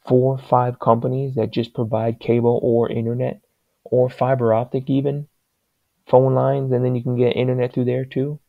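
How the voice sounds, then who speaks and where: A man's voice: medium pitch, creaky, no room sound, phone-quality sound. A man giving his opinions in a casual, rambling monologue that wanders from point to point. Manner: rambling, digressive and plain-spoken.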